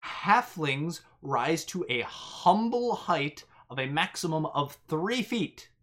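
Lady gm narrating, low voice but lively, lots of um and like. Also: slow pace. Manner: rambling, lots of ums and likes. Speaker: game master. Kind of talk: narrating a tabletop game.

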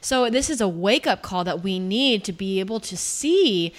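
A woman's voice: medium pitch, animated, normal speed. A woman coach hosting a casual conversation, speaking earnestly and stretching words for emphasis. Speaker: podcast host, coach.

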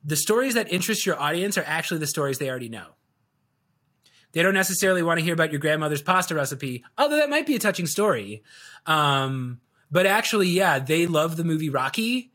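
A man guesting on an interview show, talking in a casual, animated and rambling way with lots of fillers. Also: on the high side, fast talker. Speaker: guest, video coach.

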